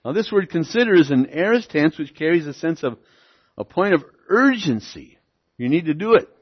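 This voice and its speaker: A man preaching a sermon as pastor, teaching verse by verse, often checking in with "okay?" and "see?" and slowing down to stress key words. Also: a little high, big pitch swings, breathy edge. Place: church. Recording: lo-fi church recording.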